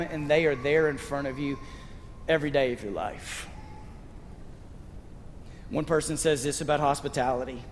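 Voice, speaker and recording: Male pastor, slightly high voice, relaxed storytelling sermon in a reverberant church hall with faint background noise. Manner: conversational storytelling preaching.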